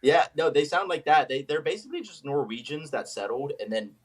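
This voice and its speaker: A man's voice: on the high side, fairly quick. A man from the United States, a paleontologist guest telling stories in a casual podcast chat, full of fillers and restarts. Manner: chatty, storytelling, many fillers.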